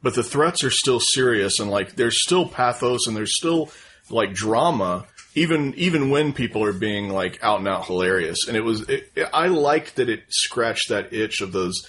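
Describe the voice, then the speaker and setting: A man's voice: mid-range voice, expressive, normal speed, a bit bright, a little hiss or hum. A man talking thoughtfully about comics and films in a casual chat. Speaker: podcast co-host reviewing films.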